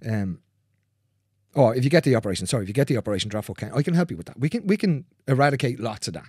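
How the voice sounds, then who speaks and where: A man's voice: mid-range voice, big pitch swings, rapid-fire, darkish tone, husky, dry recording, studio quality. A man working as a manual therapist, telling stories about clients in a casual conversation, blunt and swearing freely as he acts out what people said.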